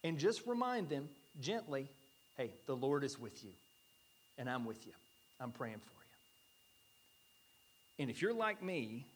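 An earnest male pastor in his thirties delivers a sermon in a slightly raised, husky voice. He often sinks into soft, breathy near-whispers to drive a point home. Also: fairly high pitch. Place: church.

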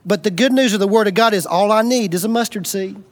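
A man with a notably high voice delivers a storytelling sermon to his congregation. He speaks plainly, with folksy humor, and he is middle-aged. His delivery swings from loud, emphatic bursts down to hushed, earnest intensity. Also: fast talker. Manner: dramatic, shifts between loud bursts and quiet intensity. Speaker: preacher.

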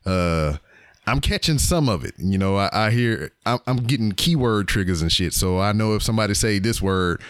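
A man's voice: on the low side, lively intonation, moderate pace, smooth, dry recording, studio quality. A man co-hosting a casual wrestling podcast, talking loosely with trailing fillers and casual swearing. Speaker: podcast co-host. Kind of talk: casual chat.

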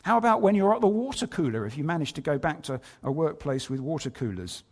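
A man's voice: on the high side, very animated, fast talker. A man preaching a sermon, telling a scripture story, reading verses aloud and asking his listeners rhetorical questions. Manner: asks many rhetorical questions.

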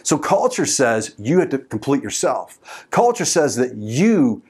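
A man's voice: medium pitch, sing-song, measured pace, a little mellow, slightly rough. A male pastor preaching a sermon, telling stories with energy, calling out to the congregation and repeating words for emphasis.

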